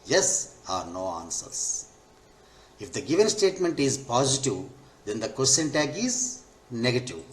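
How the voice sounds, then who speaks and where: A man's voice: medium pitch, very animated, measured pace. A man teaching an English grammar lesson, who repeats each point and spells out the forms step by step. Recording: echoey room.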